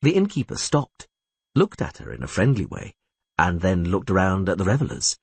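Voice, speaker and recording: Male storyteller, animated reads, raspy texture. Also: deep voice, normal speed, no room sound. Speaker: audiobook narrator. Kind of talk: scripted narration.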